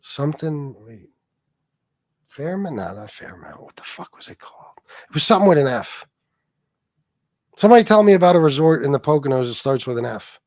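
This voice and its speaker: A man's voice: a little high, very animated, a little fast, pauses often, darkish tone, dry recording, clean studio sound. A man hosting a casual livestream, profane and mocking, reading donations and trading jabs with viewers. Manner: profane, mocking, laid-back between rants. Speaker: livestream host.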